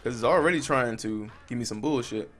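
A man's voice: medium pitch, brisk, fairly bright tone, soft background music. A young man giving casual, swear-heavy let's-play commentary and chatting to his viewers while he plays. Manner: frustrated, swears a lot, talks to the viewers. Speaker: gaming channel host.

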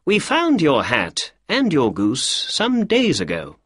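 A brisk, self-assured gentleman detective from an audiobook, as a male narrator puts him on, his husky voice lifted higher and swinging lively up and down. He sounds emphatic and sure of himself. The recording is dry and close. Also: dry recording, full character voice. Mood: polite.

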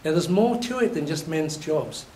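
A man from England giving a university lecture, telling lively stories and acting out his examples, his voice a little hoarse. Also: fairly high pitch, normal speed. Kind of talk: classroom lecture. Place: lecture hall. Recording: echoey hall, distant mic, faint noise.

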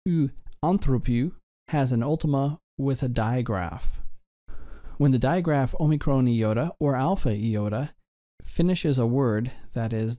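A man teaching a recorded Greek grammar lesson, patiently explaining and slowing down to sound out each form. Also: mid-range voice, dark tone.

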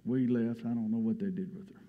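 A man's voice: mid-range voice, steady tone, fairly quick. A man preaching a sermon, telling a story in a folksy way. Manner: folksy storytelling, Southern turns of phrase. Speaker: pastor. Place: church sanctuary. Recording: dull sound with long hall reverb.

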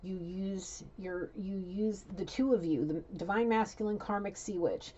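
A woman's voice: medium pitch, a little slow, dark tone, slightly rough, muffled recording. A woman giving a rambling, blunt psychic reading in a casual, chatty way. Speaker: psychic tarot reader.

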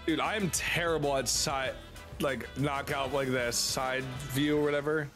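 A man's voice: medium pitch, fairly even intonation, measured pace. A young man exclaiming in frustration while playing a game with friends. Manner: exasperated, exclaiming. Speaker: gaming friend. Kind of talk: casual gaming banter. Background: game music.

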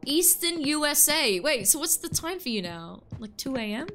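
A woman's voice: high voice, sing-song, normal speed, bright, forceful tone, a little hiss or hum. A woman in her twenties, a streamer chatting casually and playfully with her chat while playing a game, laughing often. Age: 20s. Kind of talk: casual gaming livestream chat.

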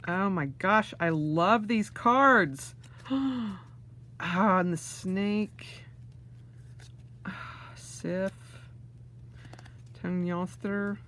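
A woman's voice: on the low side, extremely slow, a bit bright, a little hiss or hum. A woman vlogger unboxing things, gushing with gasps and delighted exclamations. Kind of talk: casual unboxing vlog.

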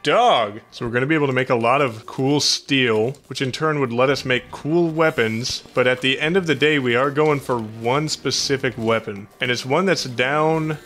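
A young man giving profane, jokey Let's Play commentary, often yelling at the game. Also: medium pitch, moderate pace, few pauses, soft background music. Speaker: gaming YouTuber.

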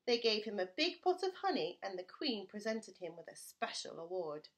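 A woman teacher reading a children's storybook aloud to her class, with expressive, playful storytelling. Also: mid-range voice, normal speed.

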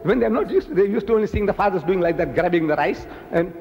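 A man's voice: fast, vocal fry, in a large hall, highs cut off. A man from South Africa giving a public lecture as a preacher, acting out the voices he quotes with big swings in his delivery. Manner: animated, acts out quoted dialogue with big pitch swings.

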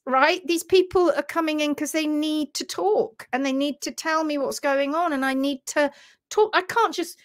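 A woman's voice: on the high side, fairly bright tone. An English woman hosting a live stream, talking in a passionate, emphatic way. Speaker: host.

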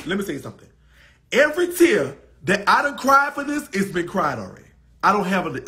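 Host, man, Southern US accent, tipsy, high, very husky voice, profane and rambling. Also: big pitch swings, brisk, bright, forceful tone. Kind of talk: casual live stream chat.

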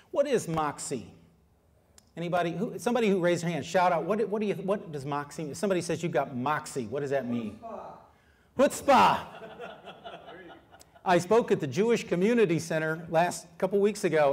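A middle-aged man, an author giving a public history talk. He speaks in a lively way, asks the audience questions and uses many fillers. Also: on the high side. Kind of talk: public lecture to a live audience.

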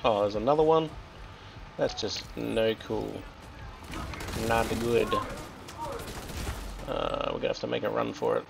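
Casting: Australian male streamer, gravelly and chatty, loud gunfire underneath. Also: on the low side, sing-song, a little slow, pauses often, background noise. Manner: chatty, joking, reacting aloud to the game. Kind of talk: casual gameplay commentary. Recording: game gunfire and explosions loud behind voice.

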